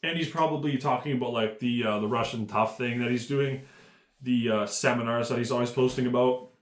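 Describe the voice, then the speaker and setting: A man's voice: medium pitch, fairly even intonation, fairly quick, reverberant. A man giving a casual, profane commentary rant, rambling and full of fillers. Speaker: MMA commentary YouTuber.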